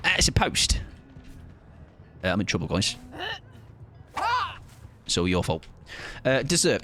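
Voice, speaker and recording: A man's voice: lowish voice, wildly swooping pitch, normal speed, vocal fry, pauses often, music in the background. A man streaming a game, chatting casually in a self-mocking, playful way. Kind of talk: casual gaming commentary.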